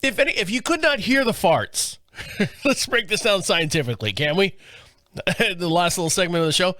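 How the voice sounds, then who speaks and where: High-voiced man laughing through a podcast. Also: lively intonation, normal speed, bright, forceful tone, dry recording, studio quality. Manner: laughs often, stumbles over words while reading. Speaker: podcast host. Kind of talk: casual comedic commentary, reading a story aloud. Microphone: studio multi-camera setup.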